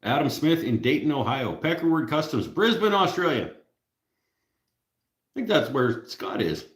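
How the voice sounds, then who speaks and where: A man's voice: mid-range voice, big pitch swings, a little slow, roomy sound. A Canadian man with a Canadian accent, hosting a casual live stream, joking with viewers and laughing at his own jokes. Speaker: livestream host.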